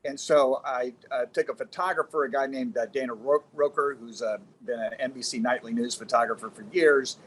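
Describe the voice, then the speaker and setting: A man who is a former television news reporter, telling a story as a guest in a halting, reflective way. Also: mid-range voice, fairly even intonation, a bit bright, slightly rough. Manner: halting, recollecting, pausing to find words. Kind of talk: casual anecdotal storytelling.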